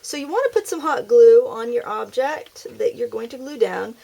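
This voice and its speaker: A woman's voice: fairly high pitch, animated, normal speed, vocal fry, dark tone. Chatty upbeat woman hosting a craft tutorial. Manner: chatty, self-deprecating and upbeat. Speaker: craft video host.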